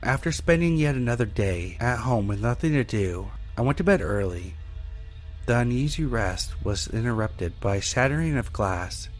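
A man reading a first-person horror story in a steady, measured way as narrator. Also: medium pitch, soft background music.

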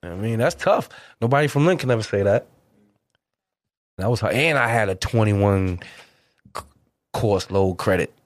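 A man's voice: normal speed, long pauses, no echo. A middle-aged man telling a story in casual, slangy, profane talk, acting out quotes with big jumps in his voice. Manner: animated, acts out quotes with big pitch jumps. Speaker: guest.

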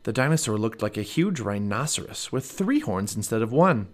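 A man narrating a children's storybook aloud as a parent, with an expressive read-aloud delivery. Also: fairly low pitch, moderate pace.

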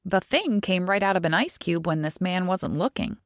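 Brief: woman playing nervous, gossipy female lab worker; high and jumpy, dry close sound. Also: lively intonation, no room sound, natural voice. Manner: jittery, gossipy, quick to snap.

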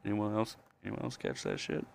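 A man's voice: fairly low pitch, sing-song, fairly quick, gravelly, dry recording. A man co-hosting a casual podcast, joking crudely while watching a ballgame. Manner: joking, crude, loud bursts. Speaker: podcast co-host.

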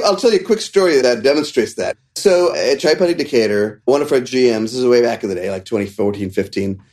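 A middle-aged man from India tells stories in a relaxed interview. He is animated and acts out other people's lines in a raised voice, with laughs between them. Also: mid-range voice. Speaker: chef and restaurateur, guest. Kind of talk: casual storytelling interview.

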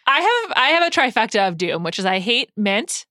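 A woman hosts a podcast in casual chat, her pitch swinging widely as she shares playful, quick opinions. Her voice is bright and clear, and the sound is dry and close to the mic. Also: very animated, no echo. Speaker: podcast host.

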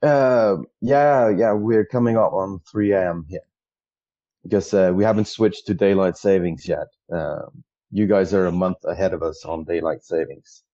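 A man whose first language is Danish, a guest on a podcast, speaking English haltingly with many fillers in casual chat. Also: low voice, mellow, no echo. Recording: dull, dry lo-fi mic.

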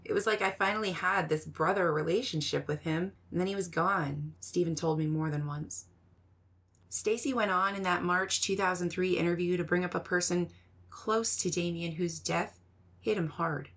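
A woman hosting a podcast, giving measured, scripted true-crime narration. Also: fairly low pitch, a bit bright, husky.

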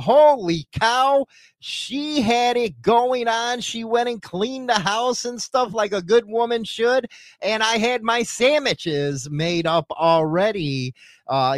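A man from Chicago hosts a casual radio show in a lively, bouncing voice that jumps between loud bursts and low mutters. He rambles crudely and jokes around. The sound is dry and close to the mic. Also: dry recording.

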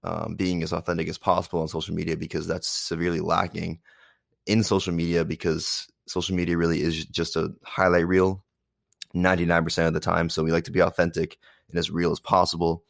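Young male podcast host, hoarse from a cold, very low and gravelly, rambling with fillers, dry close mic. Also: monotone, fairly quick, dry recording. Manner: rambling, many fillers and restarts. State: sick, hoarse voice. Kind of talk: casual podcast chat.

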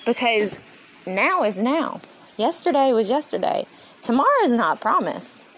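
A woman hosting a solo faith-driven motivational podcast, speaking in an animated, rambling, preachy way. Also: on the high side, measured pace, low-quality recording. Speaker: podcast host. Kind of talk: solo inspirational podcast monologue.

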